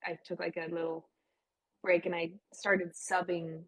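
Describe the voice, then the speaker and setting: Her lowish, slightly rough voice comes across flat and a little slow on a poor-quality recording. She's a young woman guest in a casual interview, recounting her cancer experience warmly and chattily, saying "like" often.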